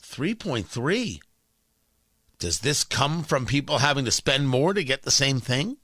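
A male radio host giving a wry, animated talk-radio monologue, correcting himself as he goes. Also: mid-range voice, unhurried, no echo, studio quality.

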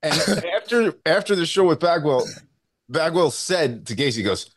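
Laid back co-host guy, normal pitch, little hiss in the back. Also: animated, moderate pace. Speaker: podcast co-host. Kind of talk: casual chat.

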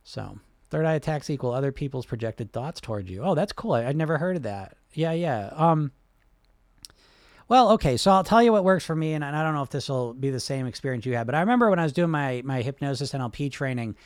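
A man coaching on weight loss and hypnosis in a casual, animated talk, often swearing and asking "right?". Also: medium pitch, fast talker, dry recording. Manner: animated, swears freely, many fillers like "right?".

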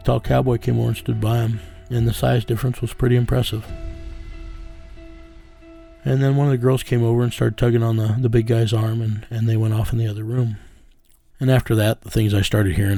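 A man with a gravelly, creaky voice recounts a case he worked, in an easygoing, folksy way. The sound is dry and close, with faint music underneath. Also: on the low side, mellow, no room sound. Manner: plain-spoken, drawling, folksy phrasing. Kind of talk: casual first-person storytelling.

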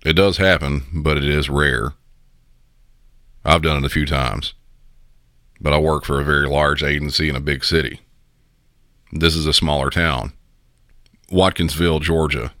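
A man hosting a podcast, giving measured, explanatory commentary on a 911 call. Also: a bass voice, pushed and bright, dry recording, clean studio sound. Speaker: podcast host and 911 dispatcher. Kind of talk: conversational commentary.

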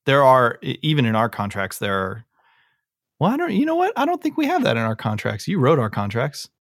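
A man co-hosting a podcast, sardonic and quick to laugh. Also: medium pitch, huge pitch swings, fairly bright tone, no room sound, studio quality. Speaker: co-host, employer. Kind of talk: casual podcast banter.

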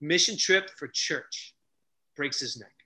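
An energetic middle-aged man telling stories as a podcast guest, acting out the people he quotes. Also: fairly high pitch, slow pace. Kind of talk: animated storytelling.

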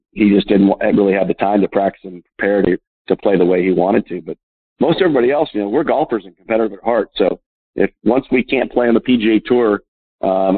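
A man in his fifties, a golfer, telling chatty anecdotes in an interview, laughing often and filling pauses with "uh". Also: fairly low pitch, slightly rough, dry recording. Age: 50s. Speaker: guest, professional golfer. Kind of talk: interview storytelling. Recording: tinny phone line, dry.

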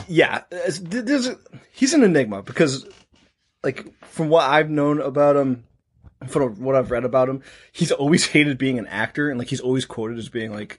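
A man's voice: medium pitch, animated, normal speed, slightly rough. A man co-hosting a podcast in casual chat, telling stories in a rambling way and laughing often. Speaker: podcast co-host.

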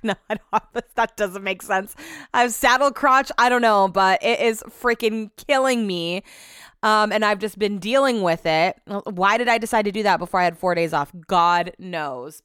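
Chatty woman host, smooth dry voice. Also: medium pitch, fairly bright tone, no room sound. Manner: chatty, rambling storytelling with frequent fillers. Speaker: podcast host. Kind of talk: casual chat.

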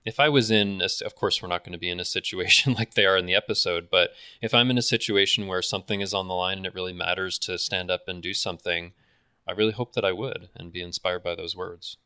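A man's voice: sits low, fairly even intonation, fast talker, sharp tone, smooth, no room sound, studio quality. A man co-hosting a podcast in casual chat, enthusiastic and self-deprecating, often restarting his sentences. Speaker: podcast co-host.

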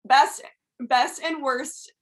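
A woman's voice: sits high, fairly even intonation, extremely slow, no room sound, studio quality. A woman hosting a podcast, chatting casually and doing an ad read in a bubbly, eager, gushing way.

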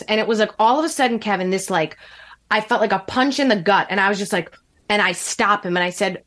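A woman telling a personal story on a podcast in casual chat, animated, acting out the quoted lines. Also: moderate pace. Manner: animated, acts out quotes with shifting pitch. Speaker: podcast guest.

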